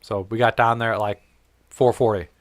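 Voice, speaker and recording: A man's voice: on the low side, a little fast, no room sound, clean studio sound. Profane storytelling podcast host, man. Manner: profane, animated, acts out quoted dialogue. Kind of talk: casual storytelling chat.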